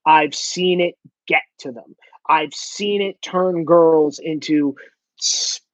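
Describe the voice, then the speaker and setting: A man's voice: a little high, slow, no room sound, rough recording. A man in a blunt, profane ranting monologue, swearing heavily for emphasis. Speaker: commentator.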